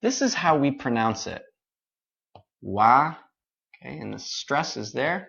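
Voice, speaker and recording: A pronunciation teacher who speaks slowly and patiently and models each sound again and again. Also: mid-range voice, very animated, vocal fry, muffled recording. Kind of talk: online English pronunciation class.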